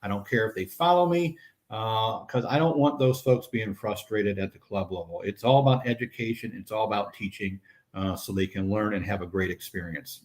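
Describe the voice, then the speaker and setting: A man's voice: fairly low pitch, moderate pace. A man who leads a fishing club, talking earnestly in a casual chat, with many fillers. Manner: earnest, repeats "I mean" and "uh". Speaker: crappie club leader.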